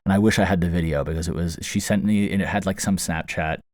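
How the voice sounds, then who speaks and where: A man with a low, a little mellow voice hosts a podcast, telling a funny story at a quick pace with fairly even intonation. He rambles, sounds amused, and is full of fillers and restarts. He's recorded on a close studio mic inside a small foam-lined box, so the sound is very dry, close, and echo-free.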